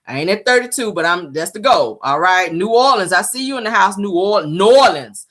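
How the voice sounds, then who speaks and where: A woman hosting a livestream, giving blunt, sassy advice and reading viewer comments in casual chat. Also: brisk. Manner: animated pitch jumps for emphasis. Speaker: livestream host.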